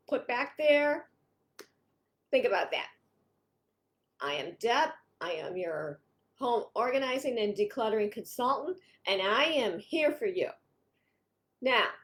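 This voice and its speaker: Brief: woman consultant, chatty and meandering, bright high voice. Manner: rambling, chatty, frequent restarts. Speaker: home organizing consultant. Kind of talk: casual vlog talk.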